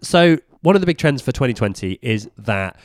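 A man's voice: mid-range voice, sing-song, moderate pace, no echo, studio quality. A British man co-hosting a podcast, chatting in a jokey way and explaining tech news. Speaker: podcast co-host. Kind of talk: casual tech chat.

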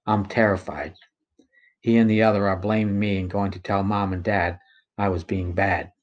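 Somber man with a low voice. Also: level tone, moderate pace, highs cut off. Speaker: narrator of his own story. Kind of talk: reading a personal first-person account.

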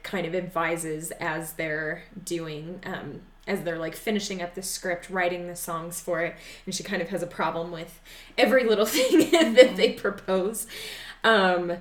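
A woman's voice: fairly low pitch, fairly bright tone. A woman guest on a podcast, chatting casually with hesitant fillers and frequent laughter. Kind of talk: casual chat. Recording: roomy echo.

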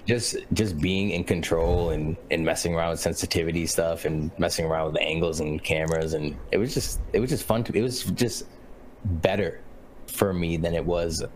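A man guesting on a gaming podcast, telling stories in a relaxed, slangy way and laughing easily. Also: low voice, normal speed, a little hiss or hum, rough recording. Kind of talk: casual podcast chat.

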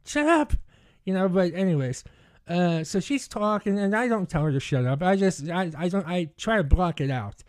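Animated man laughing through a story. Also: high voice, normal speed. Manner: animated, laughs through his own story, many restarts. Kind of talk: casual storytelling on a podcast.

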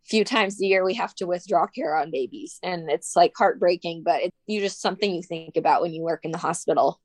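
A young woman talks through tears, gently and haltingly, filling her sentences with "like." Her voice sits a little low and is recorded close and dry, with no room sound. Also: no room sound. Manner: soft-spoken, tearful, frequent "like" fillers. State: tearful. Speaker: guest. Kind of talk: emotional personal conversation.

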